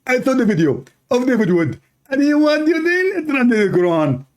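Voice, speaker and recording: A man voicing a mocking, squeaky male online commenter who scolds in an exaggerated way. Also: very animated, normal speed.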